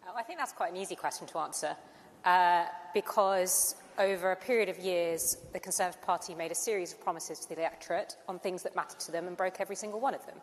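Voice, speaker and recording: A woman answering as a panelist at a live discussion, brisk and assertive, making her points in a list. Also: on the low side. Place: large conference hall. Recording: reverberant hall with faint room noise.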